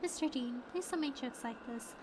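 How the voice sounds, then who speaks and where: A woman voicing a reserved young female assistant, reading her lines in a hushed, restrained way. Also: high-pitched, moderate pace, background noise, natural voice.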